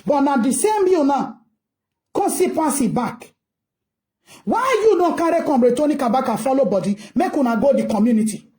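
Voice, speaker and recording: Scolding Nigerian woman, high dark voice. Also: expressive, normal speed. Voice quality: mixes English and Pidgin, scolding and rhetorical. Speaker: commentator. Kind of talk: ranting commentary.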